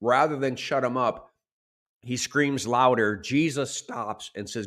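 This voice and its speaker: Male pastor, lively sermon delivery, mid-pitched voice, dramatizes quotes. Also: a little slow. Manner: animated preaching, acts out shouted quotes.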